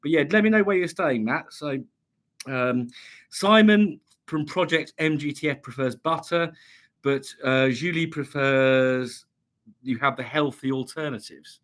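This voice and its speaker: A man's voice: fairly high pitch, unhurried, fairly bright tone. A man from England hosting a casual livestream, reading chat messages aloud and chatting back with many ums and restarts, a slight cough lingering. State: slight cough, recovering from illness.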